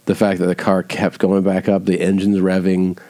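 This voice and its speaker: Guy with a lowish voice on a podcast, cracking up, kinda defensive. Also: completely flat delivery, normal speed, mellow. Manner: laughing, incredulous, defensive. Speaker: podcast co-host. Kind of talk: casual chat.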